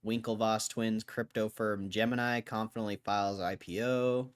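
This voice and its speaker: A man's voice: fairly low pitch, fairly even intonation, normal speed. A young man from Connecticut hosting a livestream, reading headlines and making wry, offhand comments in casual chat. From Connecticut, USA. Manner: laid-back, wry, offhand remarks. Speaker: livestream host.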